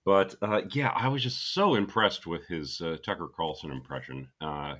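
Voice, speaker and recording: A man co-hosting a casual comedy podcast, talking in a deadpan, sarcastic way. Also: sits low, normal speed. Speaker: podcast co-host.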